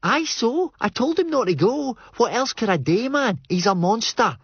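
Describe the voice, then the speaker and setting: A man's voice: extremely high pitch, very animated, moderate pace, husky, no echo, lo-fi sound, voice pushed up, heavily acted. A man reading an audiobook, voicing a panicky, defensive teenage boy with a whiny manner. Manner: whiny, protesting.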